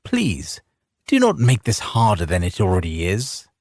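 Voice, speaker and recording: A man reading an audiobook, voicing a lazy, arrogant young nobleman who speaks slowly and condescendingly. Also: fairly low pitch, wildly swooping pitch, a little mellow, no room sound, clean studio sound, exaggerated voice. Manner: drawling, languid, condescending. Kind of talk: audiobook character voice.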